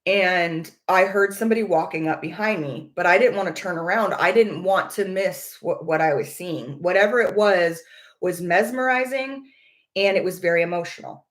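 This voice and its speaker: A woman's voice: on the low side, normal speed. Earnest woman telling a personal story. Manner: earnest, searching for words, repeats herself. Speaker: vlogger. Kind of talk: casual personal storytelling to viewers.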